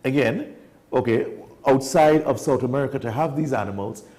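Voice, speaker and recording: A man, talking as a wildlife guest in a casual studio chat, animated and emphatic. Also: medium pitch.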